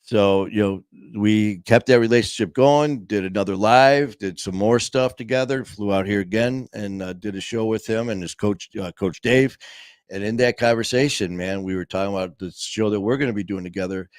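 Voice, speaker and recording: A man with a fairly low voice tells a story at an easy conversational pace. He rambles, restarts his sentences and acts out what people said. The recording is close and dry, with no room sound. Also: moderate pace, clear, resonant tone, no room sound. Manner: rambling, full of "you know" and restarts; acts out quoted dialogue. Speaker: podcast host.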